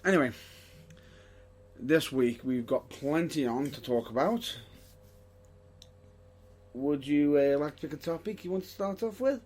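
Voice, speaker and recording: A man's voice: on the high side, a little slow, pauses often, a little mellow. A man hosting a casual wrestling podcast, joking and rambling and correcting himself as he talks. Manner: jokey, rambling, self-correcting. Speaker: podcast host.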